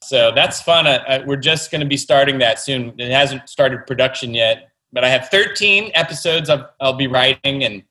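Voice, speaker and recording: Man, children's author, interview guest, enthusiastic, chatty, bright tone. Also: medium pitch, normal speed, few pauses, rough recording. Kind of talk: casual interview talk.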